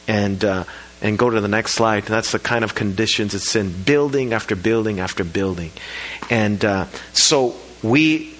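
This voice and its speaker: A man preaching a sermon, telling a congregation a story in a lively storytelling way. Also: on the low side, measured pace, low-quality recording. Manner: preaches with rising emphasis and storytelling; talks to the congregation about slides. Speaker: pastor.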